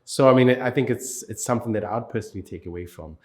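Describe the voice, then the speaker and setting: A South African man with a fairly low voice hosts an interview. He talks in a loose, chatty way and keeps restarting his sentences around fillers. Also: fast, a little mellow. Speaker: show host, interviewer. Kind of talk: interview questions.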